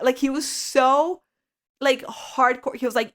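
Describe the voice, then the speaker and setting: A woman with a fairly high voice chats on a podcast, spinning a story with lots of fillers. She slips into little acted voices for the people she quotes. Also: moderate pace. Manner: animated storyteller, many fillers, acts out quotes. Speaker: podcast co-host. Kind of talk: casual storytelling chat.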